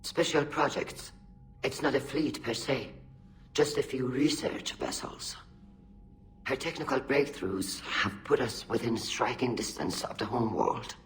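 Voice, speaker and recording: Game officer, played by a man, mid-pitched, measured and formal, faint hum behind. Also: fairly bright tone, close to an everyday voice.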